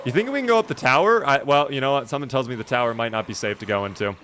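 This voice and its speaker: A man streaming a game live, commenting in an animated, jokey way and talking to his chat. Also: medium pitch, rapid-fire, slight background noise.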